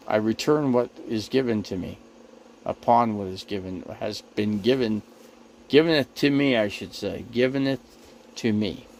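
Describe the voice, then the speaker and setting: Man, livestream host, RV, casual chat to viewers, rambling, repetitive, defensive, mid-pitched. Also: slight background noise, low-quality recording.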